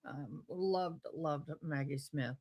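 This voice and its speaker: A woman's voice: low voice, slow, a little mellow. A woman with a Tidewater Virginia accent hosting a live stream, chatting casually and rambling as she reads comments aloud.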